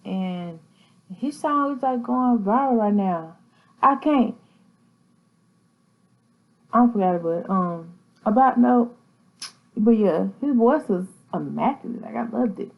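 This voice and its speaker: A woman's voice: on the high side, animated, slow, creaky, long pauses, phone-quality sound. A woman hosting a casual commentary vlog, talking in a chatty, slangy way and laughing easily. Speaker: vlogger host.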